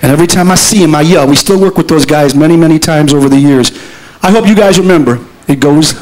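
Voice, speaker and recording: A middle-aged man fronting a band offers playful stage patter to the crowd between songs, talking fast in a fairly high voice. Loud band music fills this low-quality live concert recording.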